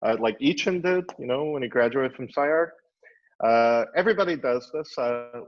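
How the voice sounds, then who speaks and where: A man's voice: medium pitch, expressive, normal speed. Musing man on a dull online call. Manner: musing, thinks aloud with many "uh"s and "you know"s. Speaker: architect and teacher. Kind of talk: reflective panel discussion. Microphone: video call.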